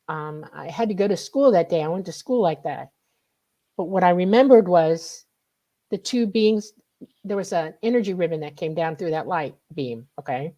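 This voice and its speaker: A middle-aged woman from the United States, a guest on a radio show, telling a personal story in a lively way and acting out her past reactions. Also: fairly low pitch, muffled recording. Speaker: guest, contactee.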